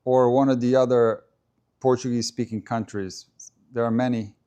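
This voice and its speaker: A man at a mid-range pitch keeps up easy, unscripted live-stream chatter about a tennis match. He reads comments from his viewers and answers them in a relaxed, conversational tone. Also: moderate pace, clean tone. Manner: chatty, stops to answer viewer comments and try out name pronunciations. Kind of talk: casual live-stream commentary and chat reading.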